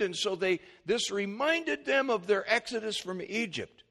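Male pastor, sermon delivery, animated teaching, slightly higher voice. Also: measured pace, hardly any pauses. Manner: animated teaching, rising excitement on key points; reads scripture in King James wording.

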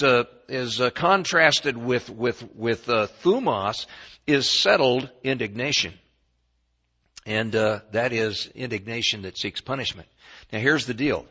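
A man preaches a sermon in a folksy storytelling style, swinging between quiet asides and loud bursts. His voice is medium-pitched and husky, with lo-fi sound.

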